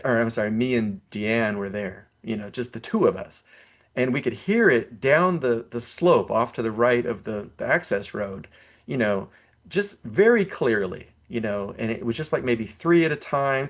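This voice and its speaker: An older man chats as a podcast guest, spinning a story in a loose, casual way. He laughs often, trips over his words and restarts, fills the gaps with 'you know', and jumps into acted-out quotes. His voice sits at an ordinary pitch. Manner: animated, laughs often, acts out quoted lines.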